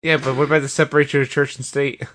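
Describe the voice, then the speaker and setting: A man's voice: mid-range voice, level tone, racing, a bit bright. A man co-hosting a casual chat, throwing in dry teasing questions. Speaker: co-host listener.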